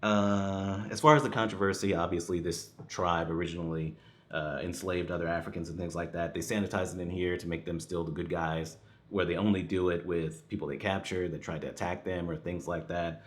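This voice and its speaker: A man's voice: sits low, steady tone, brisk. A man giving a casual spoken movie review, rambling with many restarts and fillers and chuckling now and then.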